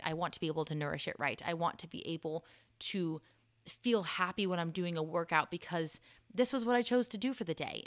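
Woman podcast host, lowish voice going a bit hoarse, chatty and upbeat, dry sound. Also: a bit bright, no room sound. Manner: chatty and encouraging, laughs at herself. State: voice starting to go hoarse. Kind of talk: casual solo podcast chat.

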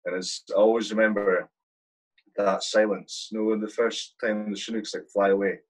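Husky-voiced man telling war stories. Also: lowish voice, flat delivery, normal speed, poor audio. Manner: blunt, swears freely, vivid war anecdotes. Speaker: guest, army platoon sergeant. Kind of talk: casual storytelling.

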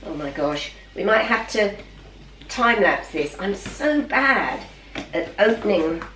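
Middle-aged woman, chatty vlogger, excitable, unhurried, echoey room. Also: medium pitch, slight background noise. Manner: gushing, chatty, keeps exclaiming; talks to her dog while unboxing parcels. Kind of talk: casual vlog. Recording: roomy, from a distance.

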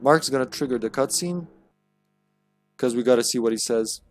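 A man's voice: mid-range voice, moderate pace. A man streaming a video game, giving casual, chatty commentary with swearing and laughter. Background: game music.

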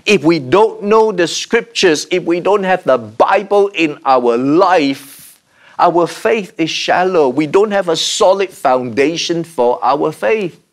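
A man preaching a sermon, slow and measured, with dramatic pauses and repeated refrains. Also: on the high side, lively intonation. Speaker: pastor.

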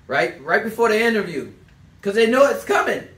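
Animated man coaching sales, echoey room. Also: high voice, a little fast. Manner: animated storyteller, acts out quotes, loose rambling phrasing. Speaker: sales trainer. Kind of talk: sales coaching talk to a small group. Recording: echoey room, mic at a distance, faint background noise.

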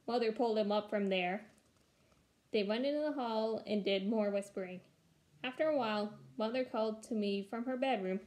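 Female reader for a kids' chapter book, expressive storyteller, slightly high voice. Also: normal speed. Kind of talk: reading a children's book aloud.

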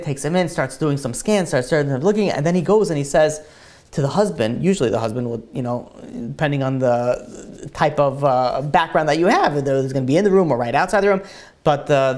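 A man, a rabbi, tells a long story in a sermon, acting out the voices with lots of fillers. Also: on the high side. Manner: animated storyteller, acts out dialogue, many fillers.

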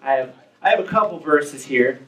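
A man's voice: medium pitch, animated, normal speed, a bit bright. Young man in a roomy hall. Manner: casual, joking, self-deprecating. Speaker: student giving testimony. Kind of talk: personal testimony to a youth group. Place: church youth hall, indoors. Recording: roomy hall, distant mic.

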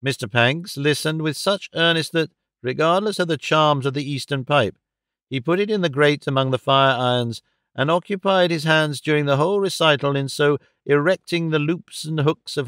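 A male audiobook narrator reading a classic novel in a steady, measured way. His voice is smooth and resonant, recorded close and completely dry, at a mid pitch for a man. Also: no room sound.

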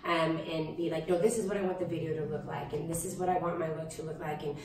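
A woman's voice: sits low, fast, slight background noise. A young adult woman, a singer-songwriter, chatting casually in an interview with lots of fillers. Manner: chatty, animated, frequent fillers. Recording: roomy, distant mic with faint ambience.

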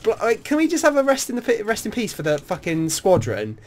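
A young man talks through an online shooter match in easy, unscripted commentary. He is excitable and swears freely, mixing frustration with laughing banter aimed at his teammate. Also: high-pitched, brisk, a crowd in the background. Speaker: gamer. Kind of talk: casual gaming commentary.

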